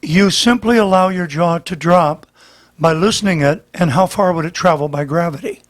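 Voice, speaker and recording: High-pitched male vocal coach, slightly worn voice, patient explainer. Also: moderate pace. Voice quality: slightly damaged voice. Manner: patient, explanatory, demonstrates as he talks. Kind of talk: demonstrating voice lesson.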